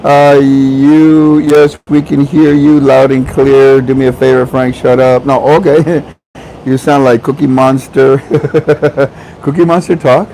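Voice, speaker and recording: A man's voice: medium pitch, little pitch movement, slow, dark tone, a little hiss or hum, rough recording. A man hosting a casual livestream, chatting with viewers, joking and laughing often. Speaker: livestream host.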